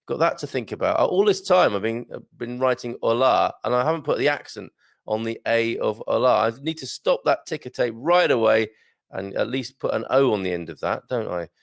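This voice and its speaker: British guy hosting a live chat, gravelly voice, lots of ums, jokey, dry close sound. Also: medium pitch, animated, brisk, no echo. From Britain. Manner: chatty, hesitant with many ums, joking. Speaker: livestream host reading viewer comments.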